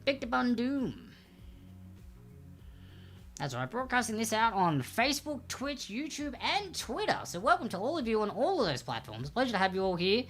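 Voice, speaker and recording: A woman's voice: fairly high pitch, very animated, a bit bright, soft background music. A young Australian woman hosting a livestreamed trivia game from home on a desk microphone, chatty and upbeat, drawing out the names in each question. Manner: chatty, upbeat, reads questions slowly and with emphasis. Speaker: trivia host. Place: home room with a backdrop. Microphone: desk microphone without headphones.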